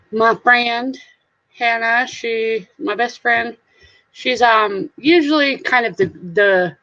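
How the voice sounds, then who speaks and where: A middle-aged woman with a Southern US accent hosts a casual live stream as a reseller, reading comments aloud in goofy, giggly, playful sing-song voices. Her voice is fairly high-pitched with a sharp tone. The stream audio is slightly dull and lo-fi.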